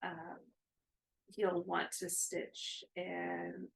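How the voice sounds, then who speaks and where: A woman's voice: on the low side, monotone, drawn-out words, gravelly, rough recording. A woman in her thirties, co-hosting a casual chat about cross-stitching, rambling with many fillers.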